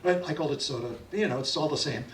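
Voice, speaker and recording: A man's voice: on the high side, fast. A middle-aged man telling stories and leading an audience sing-along at a library event, chatty and folksy. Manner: chatty and folksy, leads call-and-response singing. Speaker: folk singer and storyteller. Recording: roomy sound from a distant mic.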